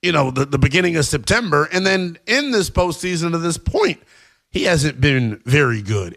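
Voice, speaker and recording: A man's voice: mid-range voice, fairly bright tone. A man hosting a sports talk show, giving emphatic, slangy opinions to fans.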